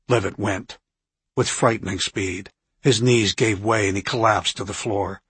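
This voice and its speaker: A male narrator reads a novel aloud in a steady, even way. His voice is husky and sits a little low. The recording is close and dry. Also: unhurried, dry recording. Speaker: audiobook narrator. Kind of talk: scripted narration.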